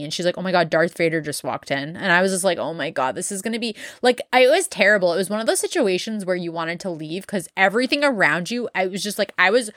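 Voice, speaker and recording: A woman's voice: mid-range voice, fairly bright tone, no echo, clean studio sound. A young woman hosting a podcast, telling a story in casual chat, full of fillers and blunt swearing. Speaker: podcast host.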